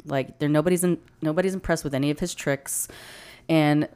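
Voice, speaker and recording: A woman's voice: low-pitched, fairly even intonation, fairly quick, mellow, clean tone. A woman co-hosting a podcast, recapping a movie in blunt, sweary casual chat. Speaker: podcast co-host.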